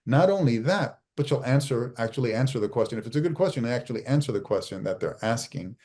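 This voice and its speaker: Teaching a live online masterclass, this middle-aged man works as a media trainer and speaks at a quick pace in an animated, mid-range voice that is a little mellow. His coaching style is emphatic, and he often restarts and repeats key phrases.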